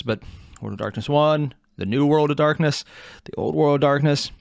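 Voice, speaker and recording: Rambling, swearing man doing casual reaction commentary; slightly high, very lively pitch. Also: gravelly, dry recording, studio quality. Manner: rambling, self-interrupting, swearing. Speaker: reaction video host.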